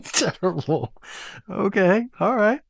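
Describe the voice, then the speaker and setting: A man hosting a casual tech video, chatty and quick to laugh, giving voice commands to smart speakers at home. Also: sits high, sing-song, vocal fry, background noise. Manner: chatty, laughs often, restarts phrases.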